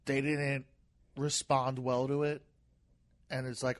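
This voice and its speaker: A comedian guests on a podcast, chatting casually in a gentle voice that sounds softer than he looks. His mid-range voice stays level and slow, with frequent pauses, and he often repeats words and restarts sentences.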